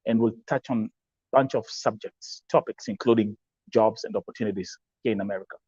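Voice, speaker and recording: A man's voice: fairly low pitch, brisk, dark tone, slightly rough, no room sound. Man, Kenyan English accent, livestream talk host, emphatic, repetitive, dull dry audio. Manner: emphatic, repeats himself, switches to Swahili phrases. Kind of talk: live-stream talk show, reading viewer comments.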